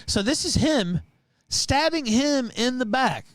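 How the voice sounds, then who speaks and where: High, animated man ranting mockingly. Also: takes it slowly, no room sound. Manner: profane, mocking. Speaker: livestream show host. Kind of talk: ranting commentary.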